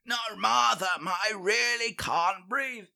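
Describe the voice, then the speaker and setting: A man's voice: high voice, takes it slowly, gravelly, sharp tone, heavily acted. A man playing a forgetful, needy old husband who keeps calling for his wife in a comedy podcast sketch. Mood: whiny.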